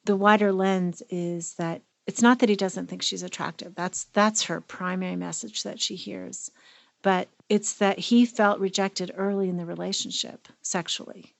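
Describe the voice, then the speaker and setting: A woman's voice: mid-range voice, steady tone, moderate pace, gravelly, dry recording. A middle-aged woman co-hosting a therapy podcast, talking reflectively and with emotion. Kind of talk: casual conversational podcast.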